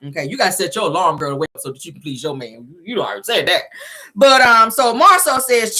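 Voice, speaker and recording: Sassy animated woman gossip host. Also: mid-range voice, quick pace. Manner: sassy, animated, laughs often, acts out quotes. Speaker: show host recapping reality TV. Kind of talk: casual gossip recap.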